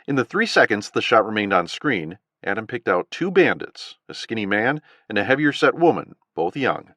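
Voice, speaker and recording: An audiobook narrator with a low-pitched male voice reads a gritty thriller at a moderate pace, his scripted delivery animated and rising and falling. The recording is close and dry, with no room sound at all.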